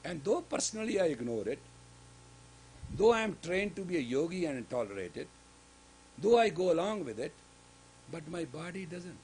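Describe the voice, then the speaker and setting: A man giving a sermon-style lecture as a spiritual teacher in a gurdwara, speaking emphatically with sudden loud rises on key words. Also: a little high, sing-song, normal speed, pauses often, a little hiss or hum, low-quality recording.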